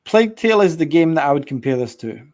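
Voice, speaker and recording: A man's voice: a little high, fast. Rambling, profane man chatting games. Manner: rambling, profane, animated storytelling. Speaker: podcast co-host. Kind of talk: casual chat about video games.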